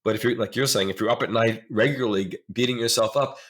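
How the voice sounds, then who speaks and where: An earnest middle-aged man at an ordinary middle pitch, talking through his ideas as a therapist guest in a relaxed interview. He leans into key words, slowing down or rushing ahead for emphasis, and keeps reaching for concrete examples. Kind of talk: conversational interview.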